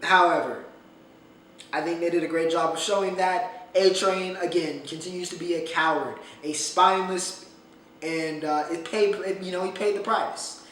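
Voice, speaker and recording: A man's voice: high voice, steady tone, normal speed, a bit bright, recorded from a distance. A man hosting a casual solo podcast, talking animatedly and emphatically, often repeating phrases for effect. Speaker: podcast host. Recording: echoey room, off-mic, faint noise.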